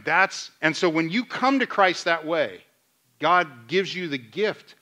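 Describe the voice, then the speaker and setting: A man preaching a sermon as pastor, asking the congregation questions and retelling scenes in lively dialogue. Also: high-pitched, a little slow. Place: church sanctuary.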